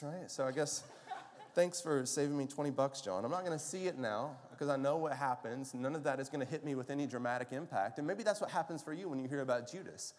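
A man's voice: medium pitch, fast talker, a little mellow. A man preaching a sermon as pastor, telling stories in a conversational way and often asking the listeners questions. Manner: conversational storytelling with rhetorical questions. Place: church sanctuary. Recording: long reverb of a large hall.

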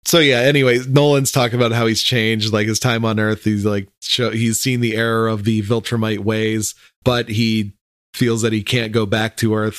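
A man's voice: fairly low pitch, dry recording, studio quality. Laid-back man musing on a podcast. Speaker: podcast co-host. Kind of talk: casual chat.

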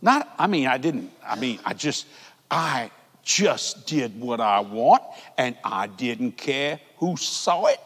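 A man preaching a televised sermon in a large church, fervent, with folksy grammar and shouting peaks. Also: medium pitch, big pitch swings, slow pace, husky, big-room sound.

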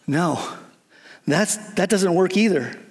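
A man's voice: high-pitched, animated, takes it slowly. A man playing a stunned, blunt young suitor. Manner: blunt, stammering refusals.

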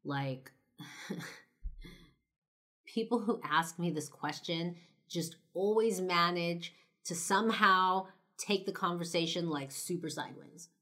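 A young woman from Los Angeles talks straight to camera in a low, deep-set voice. Her delivery is loose and conversational, scattered with "like" and "you know", and she swears bluntly as she tells her story. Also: takes it slowly, long pauses, bright, forceful tone. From Los Angeles, United States. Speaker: vlogger.

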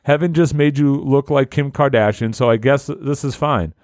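A man's voice: mid-range voice, moderate pace, darkish tone, no room sound, clean studio sound, close to an everyday voice. A man voicing a giddy young man daydreaming that he is in heaven, while he reads a listener story aloud.

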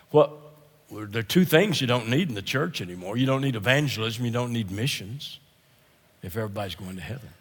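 A man preaching a sermon as a guest speaker, emphatic and repetitive, swinging between loud declarations and hushed asides, often clearing his throat. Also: medium pitch, big-room sound.

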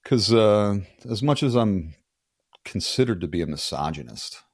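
Guest, male, sixties, from the US: low-pitched, dry close sound, blunt and profane, rambling restarts. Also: expressive, normal speed, slightly rough, no echo. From United States. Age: 60s. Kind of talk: casual podcast interview.

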